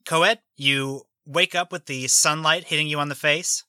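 Man game master, very bright voice, slightly high, dry close sound, relaxed narration. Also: normal speed, clear, resonant tone, no room sound.

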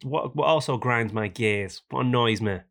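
Gravelly man chatting casually. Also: mid-range voice, moderate pace, fairly bright tone. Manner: rambling, mimics people in skits. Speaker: podcast co-host. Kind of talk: casual banter podcast.

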